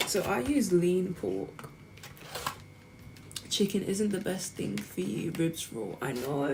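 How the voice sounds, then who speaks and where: Student vlogger, woman in her 20s, slightly low voice, chatty, heavy noise behind. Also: lively intonation, takes it slowly, long pauses. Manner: chatty, talks to viewers. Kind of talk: casual chat while cooking. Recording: loud background noise.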